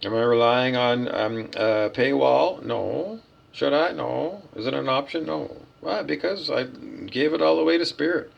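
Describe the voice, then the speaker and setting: A man's voice: mid-range voice, unhurried, gravelly, highs cut off. A man delivering a blunt, profane, preachy vlog rant as a self-styled spiritual teacher, asking himself questions and answering them. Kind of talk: ranting vlog monologue.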